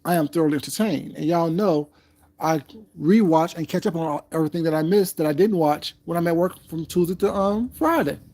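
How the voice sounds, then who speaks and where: A man chats with his livestream viewers in a sassy, drawling style, calling them baby. His delivery is loose, casual, and unhurried. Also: fairly high pitch, warm tone. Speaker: livestream commentator.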